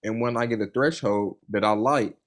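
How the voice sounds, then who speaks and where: Here a young man with a voice on the low side speaks at a normal pace. He's a funded trader in an interview, chatting easily and earnestly, his loose anecdotes filled with "you know" and "man." Eager and sincere, he sounds genuinely into it.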